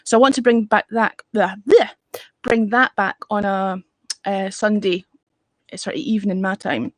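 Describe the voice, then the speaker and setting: A woman's voice: mid-range voice, normal speed, no echo, poor audio. A woman with a Scottish accent, a guest on a live video chat, talking in an easygoing, wry way. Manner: easygoing, wry, laughs often. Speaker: guest broadcaster. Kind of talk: casual chat.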